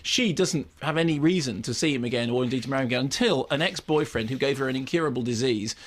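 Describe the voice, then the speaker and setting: A man talks through a film review with dry, wry emphasis. His voice sits at an ordinary middle pitch, and he often stops and restarts his sentences. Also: quick pace. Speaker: film critic. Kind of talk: radio film review chat.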